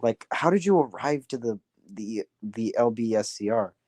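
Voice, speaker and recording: A man's voice: mid-range voice, animated, moderate pace, darkish tone, no room sound, lightly acted. Kind, busy male engine, worried and rambling; a man voices him plainly. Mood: concerned.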